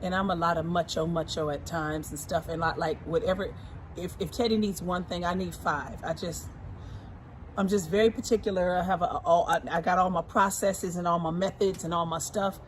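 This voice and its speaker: A woman in her forties, talking casually and warmly about her husband, emphatic and repeating her points. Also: fairly low pitch, fairly even intonation, moderate pace, a little hiss or hum. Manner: emphatic and repetitive, often repeating phrases. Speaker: co-host, singer. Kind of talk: casual heartfelt talk.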